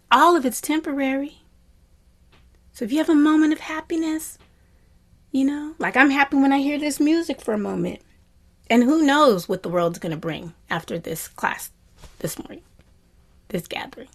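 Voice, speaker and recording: Woman meditation teacher, gentle and reflective, often hushed to a whisper, lively on happy asides. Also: on the high side, normal speed. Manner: animated when voicing happy quotes. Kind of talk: dharma talk to a class.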